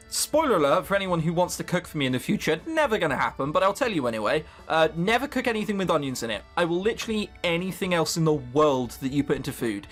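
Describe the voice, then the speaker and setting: A man hosting a let's-play, giving casual game commentary in a sweary, sarcastic, animated way. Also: a little high.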